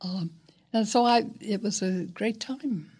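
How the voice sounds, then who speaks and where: An older woman, a guest actress, telling stories in an interview in a reflective, unhurried, somewhat hesitant way. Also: mid-range voice, darkish tone, slightly rough. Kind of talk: interview storytelling.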